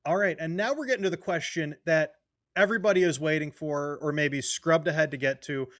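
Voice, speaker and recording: Man, interview host, enthusiastic, conversational, slightly high pitch, dry recording. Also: brisk, fairly bright tone, dry recording. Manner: enthusiastic, conversational, uses fillers like "like". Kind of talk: casual interview talk.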